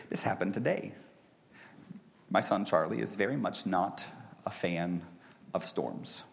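A man in his thirties preaching a sermon who builds to loud, high peaks and then drops to a soft, hushed voice. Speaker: pastor.

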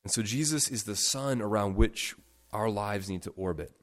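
A man preaching a sermon, stressing words by stacking them and swinging sharply between soft and loud. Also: fairly low pitch, moderate pace. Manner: emphatic, with sharp swings in loudness. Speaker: pastor.

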